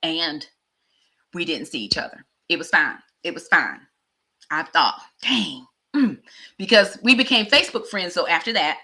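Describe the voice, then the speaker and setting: A middle-aged woman vlogger telling a personal story in a chatty, animated way. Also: on the low side, normal speed. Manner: chatty, animated, acts out dialogue.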